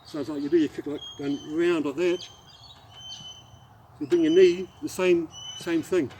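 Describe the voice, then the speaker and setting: Rambling Australian man, mellow, fairly high voice. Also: fairly even intonation, slight background noise, rough recording. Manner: rambling, halting storyteller who demonstrates moves while talking. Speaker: martial arts instructor. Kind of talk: casual spoken anecdote with demonstration.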